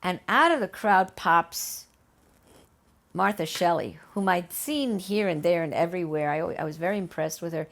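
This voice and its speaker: Gravelly older woman telling a story. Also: fairly low pitch, normal speed. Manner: animated, acts out quoted voices, many restarts. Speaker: oral history interviewee. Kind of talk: conversational storytelling. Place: her home.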